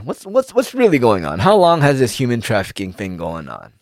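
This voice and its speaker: A man's voice: lowish voice, a little fast, few pauses, no echo, studio quality. A man ranting in a casual monologue, swearing freely and firing off rhetorical questions. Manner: animated, profane, rhetorical questions.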